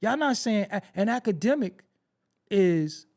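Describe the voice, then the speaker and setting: A man's voice: sits high, animated, a little slow, a little mellow. A man hosting a podcast, ranting in heated commentary, hammering phrases again and again and firing rhetorical questions. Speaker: podcast host.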